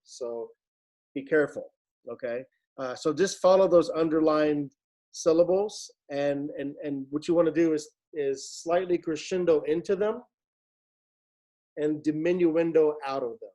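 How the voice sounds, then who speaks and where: A male choir director explains a piece in a somewhat high voice. He talks haltingly, full of "um" and restarts, and now and then sings a short phrase to demonstrate. The tone is that of a patient rehearsal explanation. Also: mellow, poor audio. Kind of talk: rehearsal instruction.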